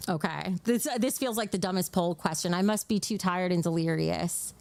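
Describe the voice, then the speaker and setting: A woman's voice: medium pitch, big pitch swings, moderate pace, hardly any pauses, dry recording. A woman with a New Jersey accent hosting a casual livestream, blunt and profane at times and gushing over viewers' donations. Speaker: livestream host.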